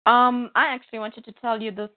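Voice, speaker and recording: Brisk and fairly high-pitched, this woman co-hosts a casual podcast, animatedly telling stories and impersonating what others said. The recording is dry, with a tinny, phone-line sound.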